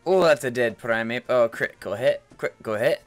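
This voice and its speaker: A man putting on a bad British accent as a cheeky young bloke, loud and taunting, on a headset mic. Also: medium pitch, a little fast, soft background music, lightly acted. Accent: put-on British. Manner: loud, taunting, repeats "mate".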